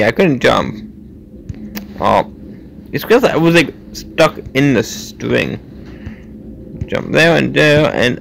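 A man hosting a gaming channel, chatting casually to himself and his viewers as he plays, with quick little laughs. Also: medium pitch, expressive, gravelly, fairly bright tone, slight background noise. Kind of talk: casual gameplay commentary.

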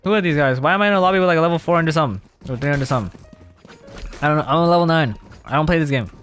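A man with a fairly high voice livestreaming a shooter game. He talks casually and excitably, swearing freely and poking fun at his own skill. He sits close to his mic, with faint music under him. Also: very fast. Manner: casual, profane, excitable, self-deprecating. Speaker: streamer. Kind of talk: live gameplay commentary. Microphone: close desk mic with popping plosives.

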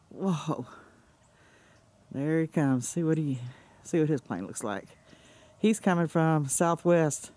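A man with a fairly high voice talks slowly, agitated and exasperated, swearing now and then. He is outdoors, recording through a handheld camera's built-in mic. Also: warm tone. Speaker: amateur video maker. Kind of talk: handheld filming commentary. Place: outdoors under open sky.

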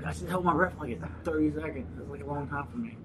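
A man's voice: on the high side, fast, heavy background noise. A man with the hiccups giving casual, joking commentary while playing a video game, laughing often. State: has the hiccups. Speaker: let's play co-host.

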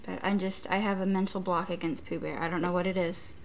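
A woman's voice: on the low side, steady tone, brisk, gravelly, lo-fi sound, slight background noise. A woman chatting casually while opening a gift box, gushing and stammering between giggles. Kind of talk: casual unboxing chat. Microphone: off-camera, not shown.

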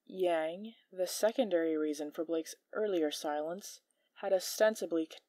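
A woman's voice: on the low side, steady tone, moderate pace. A woman reading narration for a fan dub, giggly and stumbling over words. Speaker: voice actor.

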